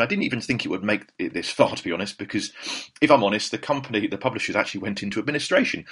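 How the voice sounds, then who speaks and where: A man hosting a podcast in a rapid, rambling, anecdotal way that keeps doubling back on itself. His voice sits low and slightly husky, and its pitch swings widely. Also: fairly bright tone. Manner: rambling and anecdotal, with self-corrections. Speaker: podcast host. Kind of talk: casual chat.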